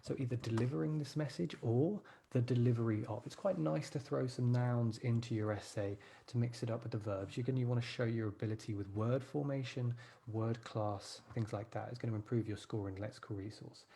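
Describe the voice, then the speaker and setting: A man's voice: mid-range voice, fairly quick, vocal fry, warm tone, a little hiss or hum. A man teaching a live writing class, encouraging his students and thinking aloud as he types.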